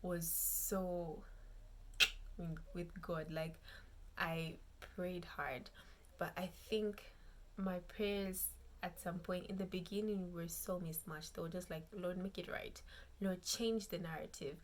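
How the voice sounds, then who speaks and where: A woman's voice: fairly low pitch, steady tone, unhurried. A young woman, telling a personal story in a casual vlog and chatting frankly to her viewers. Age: young adult. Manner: chatty, frank, keeps addressing viewers as "you guys". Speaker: vlogger.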